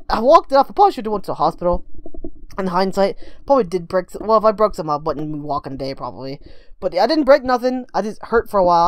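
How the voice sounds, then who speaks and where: A woman's voice: medium pitch, clean tone, no echo. A woman telling a casual story-time vlog, rambling and checking in with "right?" as she goes. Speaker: vlogger.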